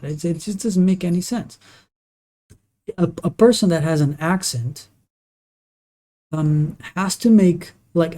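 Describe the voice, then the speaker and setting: Mellow-voiced rambling streamer, native Portuguese. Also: medium pitch. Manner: rambling, halting, with many restarts; opinionated. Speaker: live streamer. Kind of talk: casual chat while gaming.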